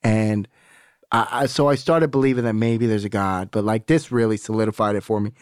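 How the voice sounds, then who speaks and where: Podcast guest: a man with a lowish voice and a dry, close sound, telling his story candidly and swearing freely. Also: fairly even intonation, brisk, clean tone, no echo. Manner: candid, rambling, profane, acts out quoted dialogue. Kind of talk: casual storytelling conversation.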